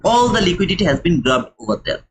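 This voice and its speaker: A young day-trading streamer with a non-native English accent talks fast in a high, sing-song voice, giving chatty live commentary as he walks viewers through a chart step by step. He repeats key points, calls them brother, and the recording quality is low.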